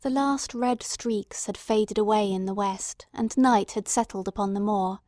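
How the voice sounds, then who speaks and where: A woman giving steady, dramatic scripted narration of an audiobook. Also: medium pitch, measured pace, no room sound, clean studio sound.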